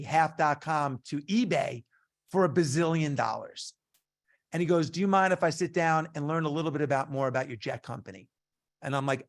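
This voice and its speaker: A middle-aged man coaching a business group online, telling stories in a punchy, animated way and acting out the dialogue. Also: a little high.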